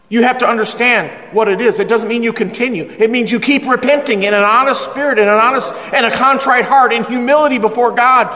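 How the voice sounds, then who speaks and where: Middle-aged male pastor, high voice, emphatic and joking, echoing church hall. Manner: energetic, humorous, emphatic preaching, slowing down for scripture. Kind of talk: sermon.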